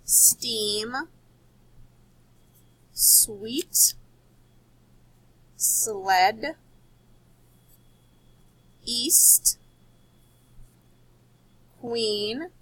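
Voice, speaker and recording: A woman teacher giving a recorded spelling lesson to children, patient and explaining slowly, repeating words. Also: a little high, fairly bright tone, husky, poor audio.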